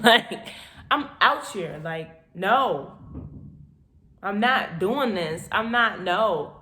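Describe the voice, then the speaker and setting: A woman in her twenties telling a personal story in a casual vlog, animated and dramatic, often breaking into laughter. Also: mid-range voice, very slow, roomy sound. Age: 20s. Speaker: vlogger.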